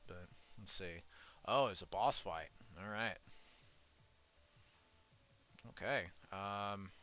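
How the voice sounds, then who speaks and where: A man's voice: lowish voice, bright, forceful tone, clear, resonant tone. A young man giving rambling, profane let's-play commentary while he plays a game. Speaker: gaming YouTuber.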